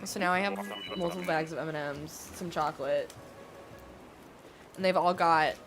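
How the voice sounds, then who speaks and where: A chatty American woman talks on a gaming livestream, rambling and poking fun at herself with plenty of ums and likes. Her voice sits a little low for a woman. Bright game music plays clearly behind her. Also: steady tone, normal speed. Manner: chatty, rambling, self-deprecating, many fillers. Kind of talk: casual livestream chat while playing.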